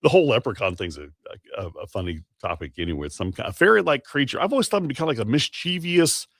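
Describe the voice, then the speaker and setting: A male morning radio host with a gravelly, creaky edge to his voice. He talks in a loose, rambling way, correcting himself mid-sentence as he goes. The sound is close and dry, like a studio microphone. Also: mid-range voice, big pitch swings, fast talker, a bit bright, no echo. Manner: rambling, self-correcting, chatty. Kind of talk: casual morning radio talk.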